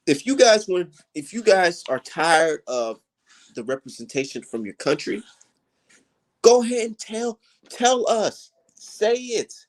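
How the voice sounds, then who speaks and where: A man's voice: high-pitched, sing-song, unhurried. A man hosting a casual livestream, ranting heatedly with lots of profanity and repeated emphasis. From United States. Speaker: streamer host.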